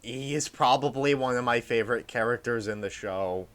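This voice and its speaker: A man's voice: medium pitch, normal speed. A man in casual chat as a podcast guest, agreeable and chiming in with "yeah" a lot. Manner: agreeable, lots of yeahs and restarts.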